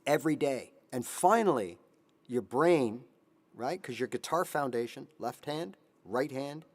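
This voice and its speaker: A man in his fifties who hosts a guitar channel, giving animated motivational advice on a live stream and now and then singing a line. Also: mid-range voice, measured pace. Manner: animated, sings snippets, voices his inner brain. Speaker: guitar teacher, channel host.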